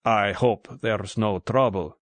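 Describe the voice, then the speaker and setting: A male audiobook reader voicing a proud, gruff Greek man with a deep voice. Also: no room sound. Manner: measured, contemptuous. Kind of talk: audiobook character voice.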